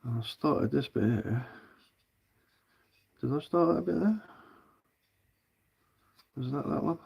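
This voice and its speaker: A man's voice: mid-range voice, animated, slow, creaky, a little mellow, husky, dull audio. A man with a southern English accent chatting casually on a live stream as he carves wood, rambling and answering viewer comments while he works.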